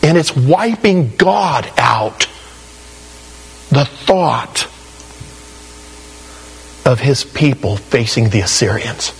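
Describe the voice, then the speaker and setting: A man's voice: medium pitch, animated, extremely slow, creaky, pauses often, husky, poor audio. A male pastor preaching an expository sermon in a conversational, emphatic way, often saying "you know". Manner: conversational and emphatic, with frequent 'you know'.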